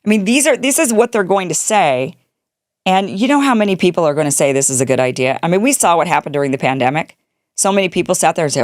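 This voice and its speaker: A middle-aged woman delivers a sarcastic political commentary monologue and mocks the voices she quotes. Her voice sits on the low side. The recording is dry and close, with no room sound. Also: expressive, brisk, no room sound. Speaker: show host.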